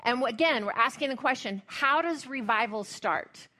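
A woman pastor delivers a sermon, moving between casual, humorous asides and scripture reading. Her voice sits a little high and sounds bright and forceful. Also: lively intonation, moderate pace.

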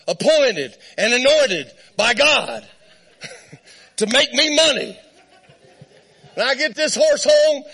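A man preaching a storytelling sermon, lively and conversational, laughing often and checking in with his listeners. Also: very high-pitched.

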